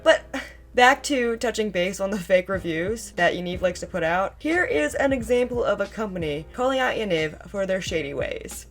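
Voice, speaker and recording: A woman's voice: mid-range voice, lively intonation, moderate pace, soft background music. A woman giving a comedic commentary, sarcastic and profane, breaking into laughter often. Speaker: commentary YouTuber.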